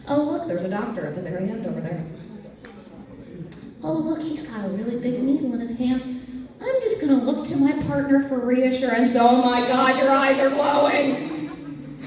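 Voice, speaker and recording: Animated woman telling stories on stage. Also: sits high, normal speed, recorded from a distance. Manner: animated, acts out her own reactions in silly voices. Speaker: comedy panel host. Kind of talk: live stand-up storytelling at a convention panel. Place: convention panel room with audience. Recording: echoey room recorded from afar, audience noise. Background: audience chatter and laughter.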